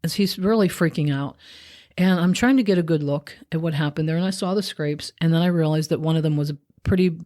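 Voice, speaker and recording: A woman hosting a podcast, talking through a reflective spiritual monologue in a gentle, musing, conversational way. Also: sits low, a little fast. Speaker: podcast host.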